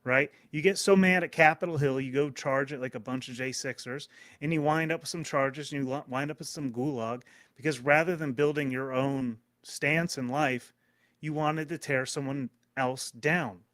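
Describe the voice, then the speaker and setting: A man's voice: mid-range voice, steady tone, normal speed, fairly bright tone, no echo. A man hosting a live stream, rambling in profane, casual commentary and talking to his chat. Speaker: streamer host.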